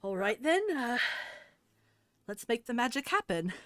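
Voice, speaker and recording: A man's voice: extremely high pitch, sing-song, unhurried, pushed and bright, clear, resonant tone, no room sound, clean studio sound, pitched above the performer's own voice, heavily acted. A woman voicing a shy, eager young male dog-person tailor in a tabletop game. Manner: timid, eager.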